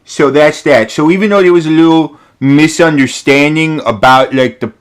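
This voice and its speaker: A man rambling through a mock-earnest comedic commentary in a deadpan, filler-heavy way, recorded indoors at home. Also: fairly high pitch, normal speed. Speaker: host of an art commentary video.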